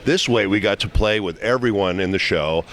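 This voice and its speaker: A man's voice: fairly low pitch, normal speed, fairly bright tone. A middle-aged male voice actor telling anecdotes in a convention interview, chatty and enthusiastic with many restarts. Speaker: voice actor guest. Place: convention venue. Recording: faint background noise.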